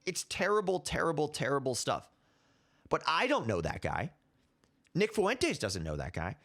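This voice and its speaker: A man's voice: on the high side, sing-song, normal speed, a bit bright. A man in his twenties hosting his own commentary show, ranting heatedly and repeating himself. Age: 20s. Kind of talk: casual opinion commentary.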